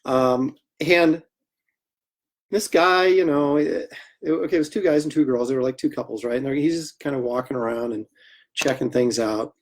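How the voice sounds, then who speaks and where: Male artist host, casual storyteller, animated and self-deprecating, mid pitch, streamed from his drawing desk. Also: normal speed. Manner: chatty, animated anecdotes with laughter and acted quotes. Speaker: comic artist hosting a livestream.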